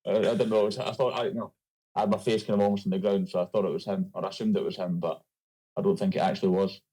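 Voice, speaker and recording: Fast-talking laid-back Scottish man. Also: low voice, level tone, dark tone, husky, poor audio. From Scotland. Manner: laid-back, loose, with many fillers. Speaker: guest, rugby player. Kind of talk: casual interview chat.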